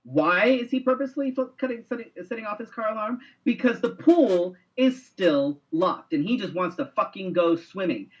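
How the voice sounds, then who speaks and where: A man co-hosting a casual online talk show, telling a story with lots of swearing and animated quoting. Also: sits high, moderate pace, hardly any pauses, highs cut off. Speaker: co-host.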